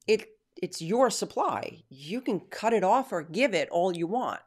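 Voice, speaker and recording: A woman hosting a Christian teaching stream, praying and then answering viewer questions in an earnest, emphatic way with drawn-out stresses. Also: medium pitch, animated. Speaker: Christian teacher and show host.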